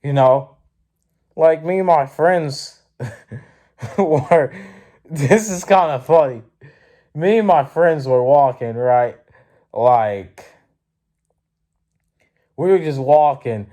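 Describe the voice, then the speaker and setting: Sleepy philly guy, slow and mellow, rambling with lots of likes. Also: a little high. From Philadelphia, USA. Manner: rambling, many fillers, blunt and profane when heated. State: sleepy, yawning. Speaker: student vlogger. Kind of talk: casual storytelling.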